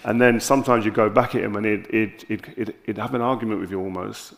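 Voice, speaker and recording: South London man, gravelly, fairly low-pitched; candid stage guest spinning animated anecdotes. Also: fast talker, hardly any pauses, a little hiss or hum. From South London, England. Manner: animated anecdotes with lively quoted dialogue. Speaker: interview guest.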